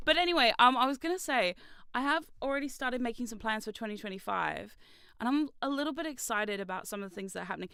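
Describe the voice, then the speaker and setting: Bright, excitable young woman streamer. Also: on the high side, a little fast, gravelly, clean tone, no echo. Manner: excitable, swears freely, bursts into laughter. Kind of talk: casual livestream chat.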